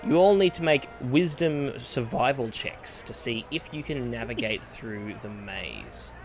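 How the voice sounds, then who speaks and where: A man's voice: medium pitch, expressive, unhurried, soft background music. A man narrating a tabletop game as game master, descriptive and often hesitating with ums. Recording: faint background noise.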